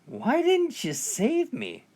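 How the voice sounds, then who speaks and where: Brief: stubborn calm preacher, voiced by a man, slow and lilting. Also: very high voice, pitched above the performer's own voice, full character voice. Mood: serene. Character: serene male preacher, stubbornly trusting.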